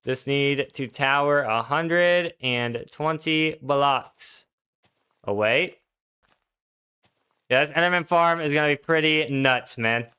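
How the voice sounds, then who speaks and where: This streamer is a young man whose slightly high voice comes across bright, forceful, and smooth, though he talks slowly. He keeps up laid-back, slangy commentary while gaming, replying to viewers in his chat.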